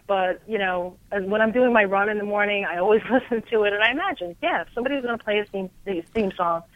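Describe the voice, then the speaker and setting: A woman guest on an interview show, a coach who talks in an energetic, animated way and often repeats words, heard over a phone line. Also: medium pitch, dry recording. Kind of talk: casual interview chat.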